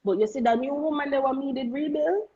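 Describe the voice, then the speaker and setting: A woman with a Jamaican accent speaks as a guest in a candid, earnest conversation, often stumbling and repeating words as she makes her point. Her voice is high, fast and warm, and the sound is lo-fi.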